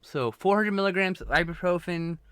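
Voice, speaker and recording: A man's voice: high voice, moderate pace, fairly bright tone, clean tone, no room sound. A man chatting casually on a live stream, rambling and self-mocking, swearing freely.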